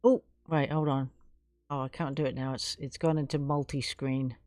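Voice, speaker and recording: A woman's voice: low-pitched, measured pace, a little mellow, no room sound, clean studio sound. Chatty, effusive English woman live-streamer. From England. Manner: chatty and effusive, gushing thanks to viewers. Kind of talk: casual live stream chat.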